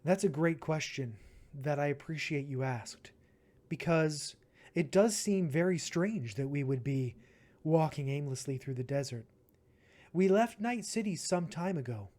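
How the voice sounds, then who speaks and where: A man voicing a lofty, grandiose idealist artist who speaks in measured phrases. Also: on the high side, darkish tone.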